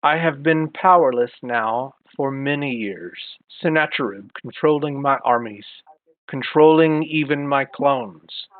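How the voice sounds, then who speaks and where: A man's voice: mid-range voice, unhurried, no room sound, natural voice. A man voicing a bitter, commanding old male woodsman in a tabletop game, in a plain voice over a phone-like call line. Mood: grim. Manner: spoken between axe swings, plain voice, no accent attempted.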